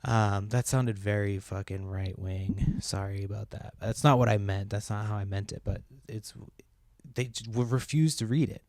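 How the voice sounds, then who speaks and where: A man's voice: fairly low pitch, normal speed, a little mellow, no echo, clean studio sound. A man, hosting a podcast and telling a long exasperated story in a casual, profane, rambling way. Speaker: podcast host.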